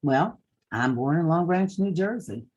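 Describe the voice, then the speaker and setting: Folksy older Kentucky woman, mellow voice. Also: sits low, lively intonation, measured pace, slightly rough, poor audio. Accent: Eastern Kentucky. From Eastern Kentucky. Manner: folksy, down-to-earth, advice-giving. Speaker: realtor speaking at a conference. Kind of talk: motivational conference talk.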